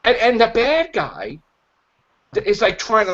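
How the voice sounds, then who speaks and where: A man hosting a podcast in casual chat, rambling and acting out characters' lines in animated voices. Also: sits high, unhurried, long pauses. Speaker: podcast host. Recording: dull lo-fi podcast audio.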